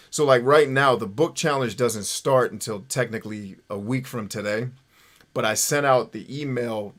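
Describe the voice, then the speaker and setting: This man hosts a casual livestream in a medium-pitched, slightly bright voice. He talks loosely, keeps checking in with "right?", and swears when he gets worked up, all in a manner that recalls an old radio voice reading out phone numbers.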